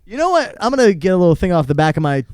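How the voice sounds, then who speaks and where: A man co-hosting a podcast in casual chat, animated and laughing as he rants. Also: high voice, very fast. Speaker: podcast co-host.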